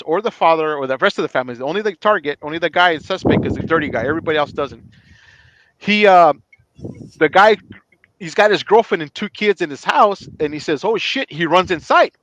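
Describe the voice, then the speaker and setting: Animated middle-aged man telling a story. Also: fairly high pitch. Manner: animated, acts out quoted dialogue. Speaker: retired police chief, guest. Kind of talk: casual podcast storytelling.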